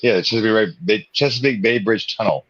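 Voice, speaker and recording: Fast-talking, low-voiced man, laid-back. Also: a bit bright. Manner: laid-back, laughs often, swears casually. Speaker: co-host of a live watch party stream. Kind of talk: casual chat. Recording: dull, muffled stream audio.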